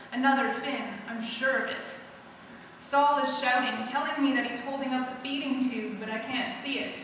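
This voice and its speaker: In an opera centre hall, a woman author at a live event chats to present her novel, then reads a first-person passage out loud. Her voice is a little high and a bit bright. The echoey room is captured from far off, with a faint hiss or hum.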